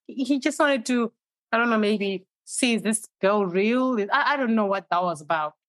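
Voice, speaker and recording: A woman hosting a casual chat, telling her stories in an animated way and acting out her own inner voice. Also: medium pitch, normal speed, dry recording. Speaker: host.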